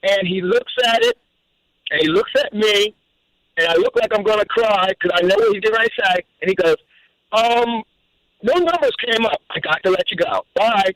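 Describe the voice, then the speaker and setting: A man calling in to a radio show, telling a personal story in an animated way, with repeated words and restarts. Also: high-pitched, normal speed, dry recording, rough recording. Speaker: caller.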